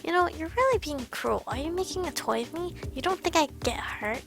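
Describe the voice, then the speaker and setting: A woman's voice: high-pitched, animated, brisk, vocal fry, music in the background, pitched above the performer's own voice. A woman voicing a young man who was once a cat, jealous and possessive, asking cold, demanding questions while she reads a visual novel. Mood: accusing.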